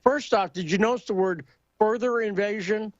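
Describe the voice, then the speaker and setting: Brief: high-pitched male host, sarcastic and combative, muffled recording with music. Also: normal speed, dry recording. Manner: sarcastic, combative, rhetorical questions. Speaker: podcast host. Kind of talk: opinionated commentary chat.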